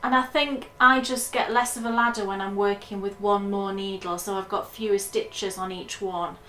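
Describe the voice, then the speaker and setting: A woman's voice: medium pitch, steady tone, moderate pace, a bit bright, echoey room, slight background noise. A woman co-hosting a knitting podcast, chatting enthusiastically and rambling about her projects. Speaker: podcast co-host. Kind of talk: casual knitting podcast chat.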